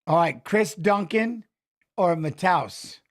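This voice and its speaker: A man with a high, animated voice hosts a fight watch-along. His commentary is casual and rambling, full of muttered asides and stats rattled off quickly.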